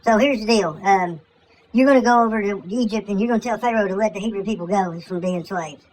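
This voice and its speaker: Speaking at a quick pace in a slightly mellow voice of ordinary female pitch, she recasts scripture as a crude, profane comedy full of slang and wandering asides. The audio quality is poor, with a faint hiss underneath.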